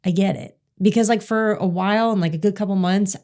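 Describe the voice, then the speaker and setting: A woman's voice: mid-range voice, fairly even intonation, a little fast, darkish tone. A woman co-hosting a podcast, chatting casually and telling stories, swearing freely. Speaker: podcast co-host. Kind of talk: casual chat.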